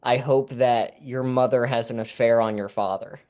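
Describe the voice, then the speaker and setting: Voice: medium pitch, fairly even intonation, moderate pace, a little mellow, clear, resonant tone, close to an everyday voice. A performer playing an afterlife interviewer who questions the newly dead with hesitant ums and dry remarks, in an improvised comedy bit. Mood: deadpan. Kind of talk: improvised comedy role-play.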